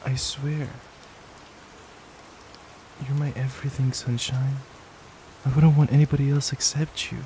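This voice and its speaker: A young man in a whispered role-play as a boyfriend, gentle, affectionate and reassuring, speaking into a desk microphone at home. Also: mid-range voice, flat delivery, a little slow, long pauses, noisy background. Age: young adult. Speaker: ASMR creator. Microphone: desk microphone at a gaming setup.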